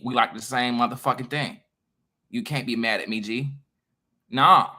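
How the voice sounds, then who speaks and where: Bright-voiced man lecturing his viewers. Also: medium pitch, normal speed. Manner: emphatic, profane and lecturing; animated, swings between loud and quiet. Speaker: online creator. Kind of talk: casual monologue to viewers.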